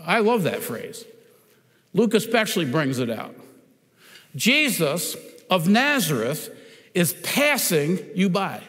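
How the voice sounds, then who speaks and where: A man's voice: sits high, a bit bright, big-room sound. A man preaching a sermon as pastor, retelling a scripture story with dramatic quoted cries. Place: church sanctuary.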